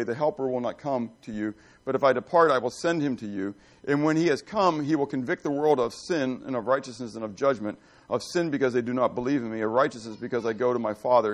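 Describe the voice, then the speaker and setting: A middle-aged man preaching a conversational sermon, telling folksy stories and checking in with the congregation with questions. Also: mid-range voice. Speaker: pastor.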